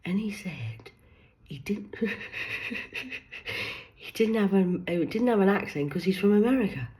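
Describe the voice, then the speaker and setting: A social media creator from the north of England, with a County Durham accent, tells a sarcastic, mocking story to the camera. Her medium-pitched voice is slow, a little mellow and lively in intonation, and she swears freely while acting out both sides of a phone call.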